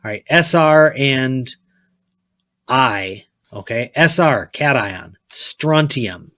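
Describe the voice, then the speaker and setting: A man's voice: medium pitch, lively intonation, takes it slowly, bright, forceful tone, no echo, clean studio sound. A man teaching a chemistry lesson, blunt and repetitive, often checking with "okay?" and telling students to write things down. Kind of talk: classroom lecture.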